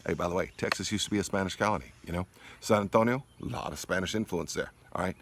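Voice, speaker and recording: Folksy low-voiced man. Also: fast talker, fairly bright tone. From Louisiana, USA. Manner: folksy, chatty, keeps tagging lines with "all right?". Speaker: cooking channel host. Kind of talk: casual cooking video talk.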